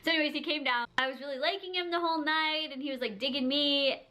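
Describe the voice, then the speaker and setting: Woman vlogger, casual storyteller, giggly and chatty, bright tone. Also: high voice, quick pace. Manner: chatty, heavy use of "like", frequent giggles.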